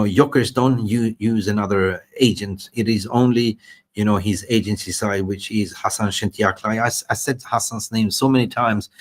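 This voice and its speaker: A man hosting a live football transfer show, excitable and rambling, repeating words for emphasis. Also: on the low side. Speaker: host.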